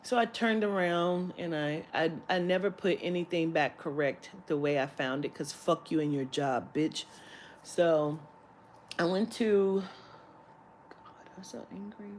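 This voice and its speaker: A woman's voice: deep voice, a little slow, a little hiss or hum. A woman vlogger telling a story in a casual, profane rant, now and then mimicking the people she met. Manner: profane, animated, mimics clerks' voices.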